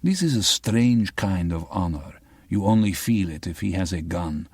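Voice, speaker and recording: A grave, solemn Albanian man, voiced by a male audiobook narrator, telling things slowly and evenly. The voice sits slightly above a deep narrating tone. Dry, close recording. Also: lively intonation, husky, no room sound, exaggerated voice.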